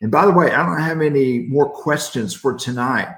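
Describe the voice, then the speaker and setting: A man's voice: medium pitch, moderate pace, a bit bright, roomy sound. A middle-aged man giving a casual midweek devotional as a pastor, joking in a folksy way and reading out viewer comments.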